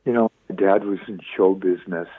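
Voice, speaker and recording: A man in his seventies, a radio interview guest, telling stories with lively acted-out quotes. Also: deep voice, a little fast, no room sound. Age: 70s. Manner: lively storyteller acting out quoted voices. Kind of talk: phone-in radio interview storytelling. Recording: tinny dry phone line.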